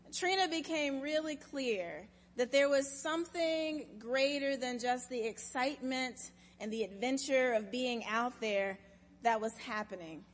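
A woman pastor giving a sermon, telling a story in a measured, expressive way, in a church sanctuary. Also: high-pitched, big-room sound.

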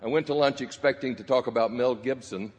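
A man's voice: medium pitch, fairly quick, noisy background. Man preaching in a reverberant hall. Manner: storytelling with quoted voices, gentle humor. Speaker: pastor. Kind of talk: sermon.

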